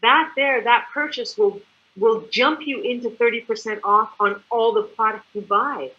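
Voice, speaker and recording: A woman living in Mexico works as a product distributor presenter, giving a chatty, animated sales talk and acting out examples. Her fairly high voice runs at normal speed, though the audio is dull.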